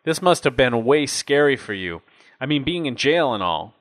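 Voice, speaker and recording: A man voicing an eager, excitable young male missionary who talks loud and gushing. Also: mid-range voice, normal speed, no echo, voice pushed up, close to an everyday voice.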